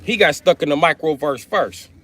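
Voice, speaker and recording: A man's voice: fairly high pitch, moderate pace, pushed and bright, a little hiss or hum. A male livestreamer talks to his chat in a loose, rambling way. His delivery is casual and full of profanity.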